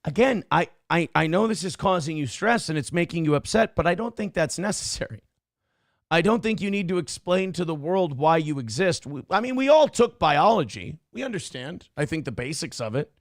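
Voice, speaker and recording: A man hosting a comedy talk show, reacting to clips with sarcastic, profane commentary and animated storytelling. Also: on the high side, a little fast, no room sound, clean studio sound. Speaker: morning show host.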